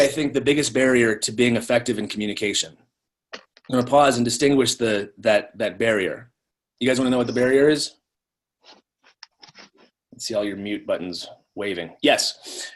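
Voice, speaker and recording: A man giving a live online training talk in a conversational way, often repeating words as he restarts. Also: medium pitch.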